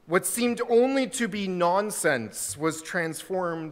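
A man's voice: sits high, animated, takes it slowly, few pauses. A man, a pastor giving a storytelling sermon in a church sanctuary. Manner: storytelling, warm and conversational. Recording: church sanctuary with long reverb.

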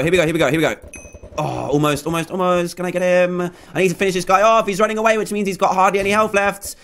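A man commentating a video game minigame excitedly, repeating phrases and often laughing. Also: sits high. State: out of breath. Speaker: gaming video host.

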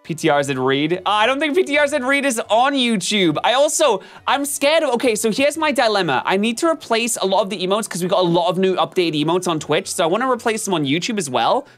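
A man streaming gameplay commentary, chatting with his viewers in an animated, self-mocking and melodramatic way. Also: high-pitched, fast talker, few pauses, faint music behind. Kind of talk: live-stream gameplay commentary, reading chat.

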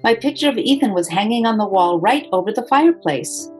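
A woman, the author, reading her children's picture book aloud in a gentle, expressive storytelling voice. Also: mid-range voice, a little fast, soft background music, low-quality recording.

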